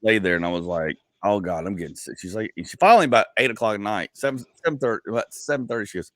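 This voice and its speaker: A man in his forties hosts a casual comedy podcast, talking very fast in a lowish voice. The recording is dry with a clean studio sound, and he tells meandering stories packed with "like" and acted-out asides.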